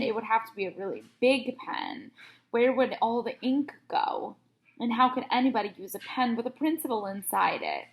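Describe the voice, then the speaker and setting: A woman, a teacher, reading a children's chapter book aloud in a lively, animated way. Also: on the high side, normal speed, vocal fry. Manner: lively, animated read-aloud with bursts of loud character lines.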